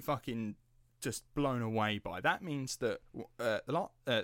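A man's voice: mid-range voice, measured pace, fairly bright tone, dry recording, studio quality. A British man hosting a casual podcast, chatting and telling rambling stories with lots of fillers. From Britain. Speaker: podcast host.

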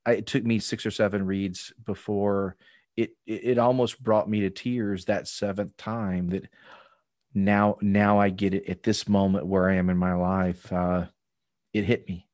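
A man's voice: lowish voice, level tone, measured pace, a little mellow, no room sound, clean studio sound. A man hosting a podcast conversation, thoughtful and affirming toward his guest. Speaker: podcast host.

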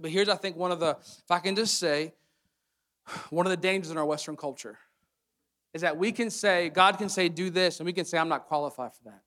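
A man preaching a sermon as pastor to his congregation, swinging between loud emphatic build-ups and quiet, hushed asides. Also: sits high. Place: church sanctuary with congregation.

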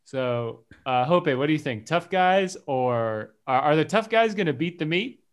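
A man hosting a casual podcast chat, playful and quick to laugh at his own jokes. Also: on the high side, expressive. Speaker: podcast host.

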